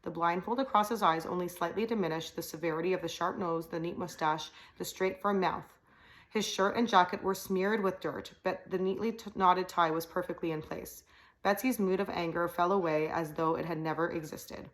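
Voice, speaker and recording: A woman reading a novel aloud at a steady pace, now and then slipping over a word. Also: fairly low pitch, a little fast, poor audio. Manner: steady reading with small slips. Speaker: audiobook reader.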